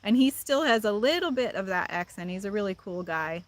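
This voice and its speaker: A woman's voice: medium pitch, lively intonation, brisk. A woman from the Midwest with a Midwestern accent, chatting casually on a livestream, answering viewer comments and laughing often. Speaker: livestream host. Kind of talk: casual live chat with viewers.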